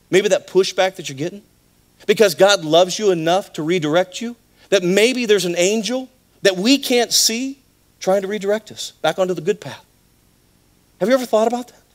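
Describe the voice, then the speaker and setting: A man preaching a sermon in a church, telling a Bible story in an animated way with acted voices. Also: high voice, moderate pace. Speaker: pastor.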